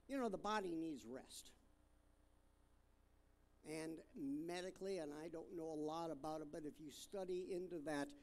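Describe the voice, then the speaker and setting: A man preaching a sermon, reading scripture aloud and talking it through in a halting way with fillers and restarts. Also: fairly high pitch, vocal fry, darkish tone. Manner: reads scripture aloud, stressing different words.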